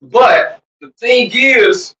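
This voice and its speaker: A livestream host in casual chat with the viewers, loud, profane and teasing, who shouts now and then and drawls some words while rushing others. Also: mid-range voice. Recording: roomy, distant, dull lo-fi sound.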